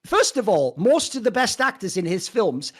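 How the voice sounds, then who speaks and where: A man hosting a podcast, giving animated, profane opinions in a casual film review chat. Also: high-pitched, moderate pace. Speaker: podcast host.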